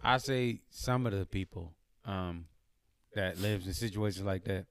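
A man in relaxed, casual conversation who often agrees with short replies and sometimes makes longer points. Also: sits low, measured pace, clean tone, dry recording, studio quality. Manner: laid-back, agreeable, chimes in with short replies. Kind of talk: casual chat.

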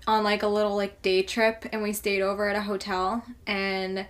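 A woman's voice: medium pitch, level tone, normal speed. A young woman co-hosting a podcast, telling a story in a casual, rambling way with lots of "like". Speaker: podcast co-host. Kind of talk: casual chat.

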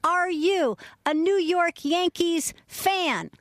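A woman's voice: extremely high pitch, lively intonation, slow pace. A woman radio host acting out a mock courtroom on a podcast, playful and theatrical, questioning like a lawyer.

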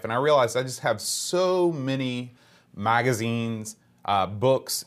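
A man's voice: lowish voice, a bit bright. A man co-hosting a podcast, chatting casually and reading listener emails aloud with easy filler words. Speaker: podcast co-host.

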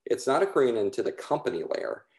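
A man's voice: mid-range voice, very animated, a little fast, a little mellow, roomy sound. A man working in asset management, explaining steadily with many fillers. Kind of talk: explanatory talk on a call.

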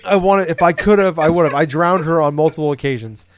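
A man co-hosting a casual gaming podcast, telling a profane, ranting story about a game. He mutters low one moment and shouts the next. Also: fast talker. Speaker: podcast co-host. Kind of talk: casual chat.

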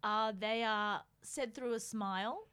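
A woman's voice: fairly high pitch, takes it slowly, clear, resonant tone. A woman, a comedian guest telling stories in casual podcast chat, laughing often. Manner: laughs often, animated storytelling.

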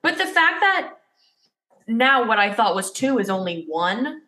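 A woman in casual podcast chat, talking in an animated, opinionated way and laughing often. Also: on the high side, a little slow, reverberant. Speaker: podcast co-host.

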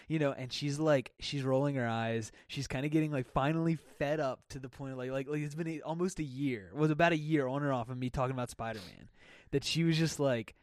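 A man's voice: medium pitch, a little fast, no echo. A young man co-hosting a casual podcast, telling a story with lots of laughter and acted-out quotes, close to his mic. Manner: animated storyteller, laughs often, acts out quotes. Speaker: podcast co-host. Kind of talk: casual chat. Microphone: close podcast mic with windscreen.

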